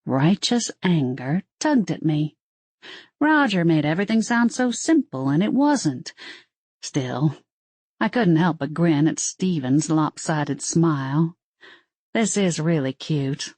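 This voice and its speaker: A woman's voice: sits low, expressive, slow pace, a little mellow, no room sound. A woman narrating a first-person audiobook in a wry storytelling manner.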